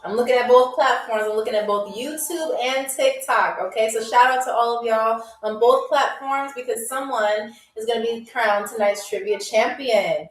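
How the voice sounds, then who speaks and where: A woman hosting a live-streamed trivia game. She is chatty and playful, and she repeats foreign words slowly for her viewers. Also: a little high. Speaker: game show host. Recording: echoey room, distant from mic, faint music.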